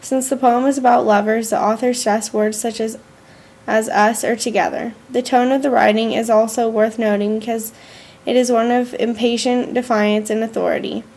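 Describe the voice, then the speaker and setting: A woman, a student, reading her school journal aloud in an earnest, measured way with slow pauses. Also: a little high, little pitch movement, darkish tone.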